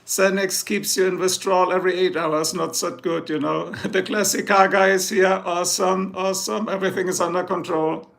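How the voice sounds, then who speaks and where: A man's voice: high voice, steady tone, normal speed, vocal fry, few pauses, a bit bright. A man chatting casually on a live stream, boastful and joking, rambling from one thing to the next. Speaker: livestreamer.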